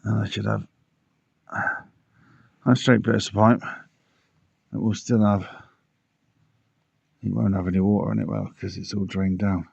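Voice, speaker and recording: A man's voice: fairly low pitch, level tone, a little slow, gravelly, long pauses, darkish tone, breathy edge, no echo. A man casually talking through pond repairs outdoors, muttering to himself and out of breath, recorded on dull lo-fi audio. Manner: muttering, self-talking while working. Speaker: pond keeper vlogger. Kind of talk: casual DIY vlog commentary.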